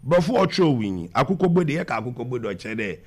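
A man, answering questions in an animated conversational interview and mixing English with Twi. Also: medium pitch, brisk. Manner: mixes English with Twi, talks over the interviewer.

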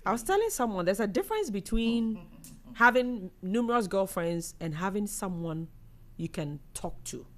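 Hosting an informal live show, a young woman with a Ghanaian accent reads her viewers' comments and laughs frequently, animated and talkative throughout. Her voice is mid-range and her pace moderate.

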